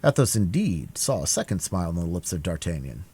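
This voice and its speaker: Animated, husky-voiced male narrator. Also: low-pitched, brisk. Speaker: audiobook narrator. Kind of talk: live-streamed cold read of a classic novel.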